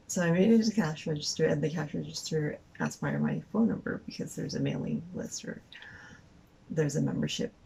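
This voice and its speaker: Low, gravelly woman telling a story. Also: a little mellow, a little hiss or hum, rough recording. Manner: rambling, many fillers and restarts, laughs often. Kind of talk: casual storytelling.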